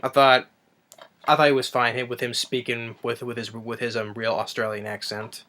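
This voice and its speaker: A man's voice: medium pitch, level tone, moderate pace, bright, forceful tone. A man giving a casual spoken movie review, rambling with frequent restarts and self-corrections. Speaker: film reviewer.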